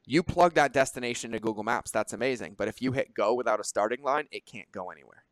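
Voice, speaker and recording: A man in the middle of a podcast conversation, animated and quick with his asides. He swears freely and keeps the chat loose. His voice sits in an average range and the recording is dry and close, with no room sound. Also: medium pitch, no room sound. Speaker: podcast host.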